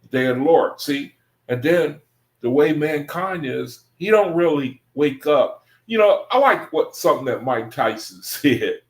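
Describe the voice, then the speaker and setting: A man's voice: a little high, animated, measured pace, reverberant. A man giving an informal Bible study talk in a loose, conversational way, often circling back and repeating himself. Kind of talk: informal scripture teaching monologue.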